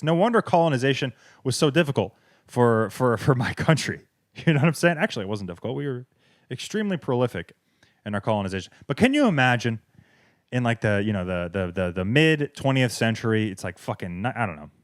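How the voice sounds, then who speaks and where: This Southern American podcast host speaks briskly and with animation at medium pitch, ranting sarcastically and swearing heavily for comic effect. The recording, made on a wireless clip-on mic, is studio quality with no room sound.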